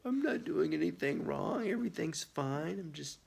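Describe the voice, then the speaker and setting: A man's voice: fairly high pitch, lively intonation, moderate pace, vocal fry, darkish tone, husky, pitched above the performer's own voice, full character voice. A man doing a carefree dog playing innocent. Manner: innocent, breezy protest. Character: innocent-acting male dog, carefree and sweet.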